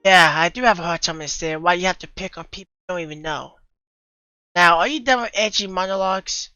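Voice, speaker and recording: A woman's voice: lowish voice, fast talker, sharp tone, clear, resonant tone, no echo, highs cut off, soft background music. Woman voicing a flustered young man. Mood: sarcastic. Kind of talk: fan voice acting of a visual novel.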